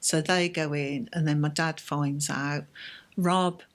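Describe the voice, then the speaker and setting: Woman, halting emotional telling. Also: low voice, steady tone. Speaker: bereaved mother, interview guest. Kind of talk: personal account in an interview.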